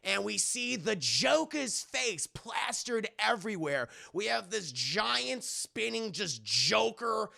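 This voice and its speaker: Male streamer, casual recap for chat, profane, very gravelly, high voice. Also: takes it slowly, few pauses. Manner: animated and profane. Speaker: streamer reviewing a cartoon.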